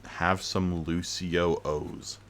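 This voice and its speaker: Low-voiced man teasing a friend. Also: little pitch movement, extremely slow, fairly bright tone, a little hiss or hum. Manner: teasing, wry. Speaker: streamer. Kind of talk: casual banter.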